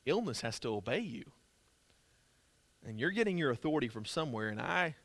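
A pastor voicing a hushed, pleading Roman centurion. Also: male voice, medium pitch, no room sound, voice pushed down.

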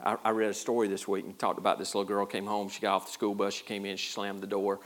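A man's voice: fairly low pitch, level tone, fast talker, a bit bright. A man preaching a sermon as pastor, in a folksy, self-deprecating way with a lot of repeated words. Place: church.

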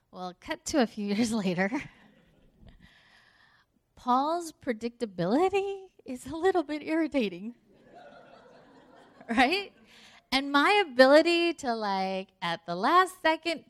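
A woman's voice: high voice, a bit bright. A middle-aged woman giving a conversational sermon, telling a story with acted-out dialogue and laughter. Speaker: speaker.

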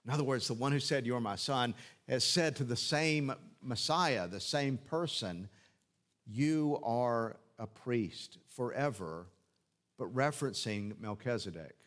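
A man's voice: medium pitch, normal speed, a bit bright. A man preaching an expository sermon, explaining scripture phrase by phrase, asking rhetorical questions and repeating key phrases. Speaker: pastor.

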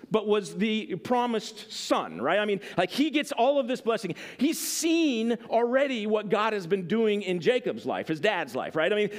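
A man preaching a sermon in a casual, conversational way, full of fillers and frequent "right?" checks. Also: high voice. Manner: conversational, filler-heavy, keeps asking "right?". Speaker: pastor.

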